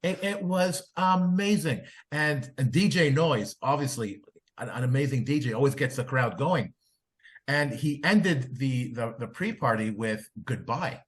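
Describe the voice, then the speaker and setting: A man hosting a podcast in casual chat, excitable, his voice climbing when he gets going. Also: mid-range voice, unhurried. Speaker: podcast host.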